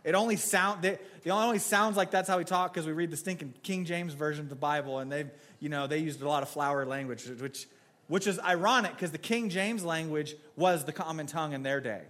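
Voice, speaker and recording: A man's voice: on the high side, brisk, a bit bright. Chatty man preaching, joking tone. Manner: joking, storytelling, frequent restarts. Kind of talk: casual conversational sermon. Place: church.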